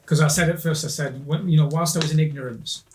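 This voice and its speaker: A man's voice: fairly high pitch, fairly even intonation, fast, a little mellow, slight background noise. Hesitant man talking off-mic. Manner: hesitant, restarts often, agrees readily. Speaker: podcast host. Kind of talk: casual conversation.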